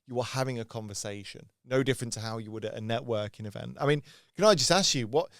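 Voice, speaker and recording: Smooth-voiced podcast host. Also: male voice, medium pitch, quick pace, no echo, clean studio sound. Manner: agreeable, backchannels often, asks open questions. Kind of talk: casual conversational interview.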